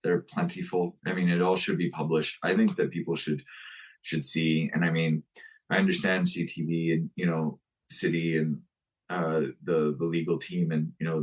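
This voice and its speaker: A man's voice: extremely low pitch, level tone. A man who is a guest on a podcast, speaking bluntly in casual conversation and often restarting his sentences. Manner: blunt, halting with many restarts.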